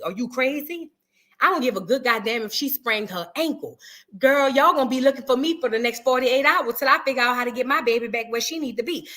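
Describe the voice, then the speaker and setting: A woman's voice: on the high side, pushed and bright. A woman hosting a blunt, profane reaction commentary, full of mocking impressions. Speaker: commentary host.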